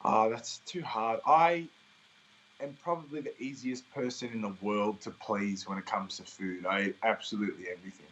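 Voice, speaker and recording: A man's voice: lowish voice, steady tone, normal speed, a bit bright, muffled recording, slight background noise. A young man with an Australian accent, chatting casually and laughing easily in an interview over a video call. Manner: easygoing, laughs often, rambling fillers. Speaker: interviewee, singer.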